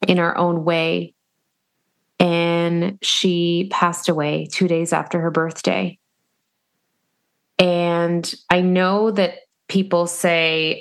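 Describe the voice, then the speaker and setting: A woman speaks with a slightly low voice as she shares a personal story on her podcast. She sounds earnest and reflective, and she pauses and restarts often as she gathers her thoughts. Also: creaky, clean tone. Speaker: podcast host.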